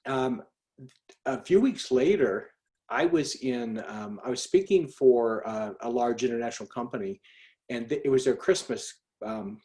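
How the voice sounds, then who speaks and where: A middle-aged man shares a personal story on a group call, speaking animatedly and conversationally with lots of fillers and restarts. His voice is mid-range and unhurried.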